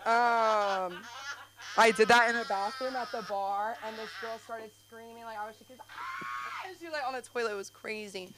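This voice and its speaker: A woman's voice: a little high, normal speed, background noise. A woman doing a rambling, profane, self-mocking stand-up set at an open mic. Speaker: stand-up comic. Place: comedy club stage.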